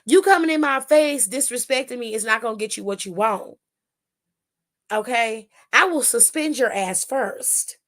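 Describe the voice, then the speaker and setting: A woman hosting a wrestling recap show, telling it in a blunt, sassy and profane casual chat, often acting out what people said. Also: a little high. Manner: animated, acts out the wrestlers' lines.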